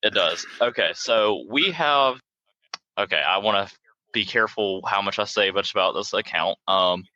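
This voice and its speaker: Co-host, man, low bright voice, easygoing, dull dry lo-fi recording. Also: moderate pace, no room sound. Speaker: podcast co-host, pest control technician. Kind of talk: casual chat.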